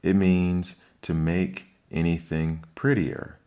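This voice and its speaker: A polite, curious young girl, read by a man who lifts his voice a little in a storybook audiobook. She asks careful questions with a prim edge, over a still very deep reading voice. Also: flat delivery, slow, dark tone. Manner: polite, inquisitive, slightly indignant.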